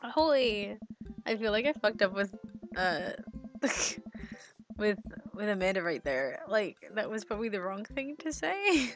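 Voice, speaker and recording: Brief: giggly young woman gamer, chatty commentary at a medium pitch, headset mic, faint music under. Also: animated, unhurried, a bit bright. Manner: giggly, chatty, reads game text aloud. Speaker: game streamer. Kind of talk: let's-play commentary. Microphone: headphones and mic.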